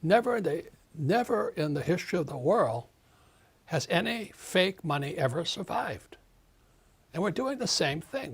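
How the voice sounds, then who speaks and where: A man's voice: on the high side, vocal fry, husky. A man in his seventies, an author being interviewed, ranting emphatically, repeating words and mimicking others. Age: 70s. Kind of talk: animated interview talk.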